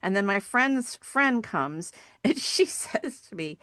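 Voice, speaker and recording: A middle-aged woman, a podcast guest, telling personal stories in an earnest, animated way. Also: medium pitch, takes it slowly, dry recording, studio quality. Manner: earnest, animated storyteller acting out quoted voices. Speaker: podcast guest, sculptor and hiking group founder. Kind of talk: conversational storytelling interview.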